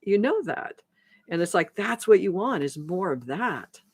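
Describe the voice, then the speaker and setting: A woman's voice: on the low side, sing-song, unhurried, husky, dry recording, studio quality. A woman transformation coach talking on a live stream, rambling with many restarts as she acts out conversations. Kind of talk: live-stream talk to viewers.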